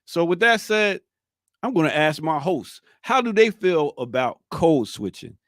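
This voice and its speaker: A male talk-show host with a fairly high voice, thinking aloud in a reflective way and throwing questions to his panel. The sound is close and dry, with no room around it. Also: animated, unhurried, no echo. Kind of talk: talk-show monologue and discussion.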